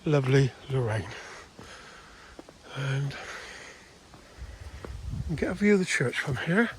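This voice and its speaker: A man's voice: mid-range voice, lively intonation, slow, a little hiss or hum. An older man chatting casually as he walks through the countryside filming, rambling with restarts. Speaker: vlogger. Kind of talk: casual walking commentary. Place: outdoors in countryside.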